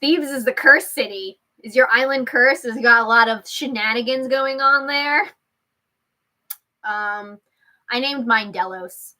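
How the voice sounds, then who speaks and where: Slow-talking bright young woman. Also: fairly high pitch. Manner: chatty, swears freely, laughs often. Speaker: host. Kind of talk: casual livestream chat.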